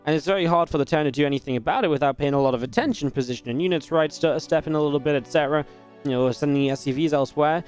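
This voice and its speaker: A man casting a real-time strategy match alone, in energetic play-by-play commentary with chatty asides. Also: a little high. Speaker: esports caster. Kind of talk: solo play-by-play game commentary.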